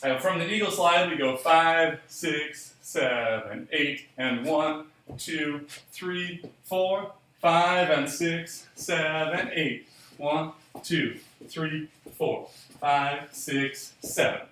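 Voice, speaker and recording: A man's voice: a little high, drawn-out words, fairly bright tone, far from the mic, slight background noise. A man teaching a solo jazz dance class, counting beats and calling steps aloud while he demonstrates. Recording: echoey room, voice from off the mic.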